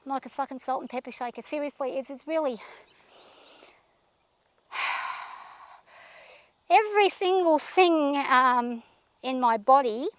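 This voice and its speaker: High-voiced anxious woman riding a horse. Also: fairly even intonation, fairly quick, fairly bright tone, no echo. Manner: nervous, talks herself through, soothes the horse. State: shaky and anxious. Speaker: horse rider vlogger. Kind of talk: talking while riding a horse. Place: outdoors on horseback.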